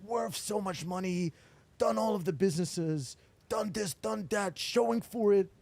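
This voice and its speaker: A man, chatting casually in an interview, telling animated stories and swearing freely. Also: sits high, measured pace, gravelly, dry recording. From Netherlands. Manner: animated storyteller, acts out quoted dialogue, swears casually. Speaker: interviewee, entrepreneur.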